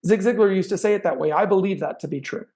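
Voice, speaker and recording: A man's voice: sits high, fast, darkish tone. A middle-aged man teaching sales technique in a chatty training talk, acting out sample lines now and then.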